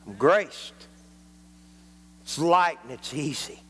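A man's voice: a little high, animated, slow, fairly bright tone, in a large hall, slight background noise. A man preaching a folksy, joking sermon in a church, dropping frequent amens. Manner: folksy, jokey, punctuated with amens. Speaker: traveling preacher.

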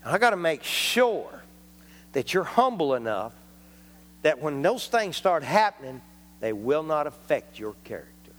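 A man's voice: fairly high pitch, big pitch swings, measured pace, in a large hall. A man preaching a folksy, joking sermon in a church, dropping frequent amens. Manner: folksy, jokey, punctuated with amens. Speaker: traveling preacher.

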